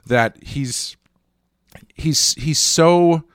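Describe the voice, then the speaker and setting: A man's voice: on the high side, extremely slow, clean tone, no room sound, studio quality. A man co-hosting a podcast, chatting casually about a cartoon episode and thinking aloud with restarts and asides. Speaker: podcast co-host.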